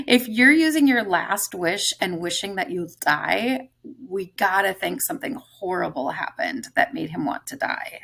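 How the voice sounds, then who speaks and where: A woman's voice: medium pitch, expressive, a little slow, vocal fry, a bit bright, breathy edge. A woman teacher leading a close-reading lesson, thinking aloud about a story's clues. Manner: thoughtful, musing aloud.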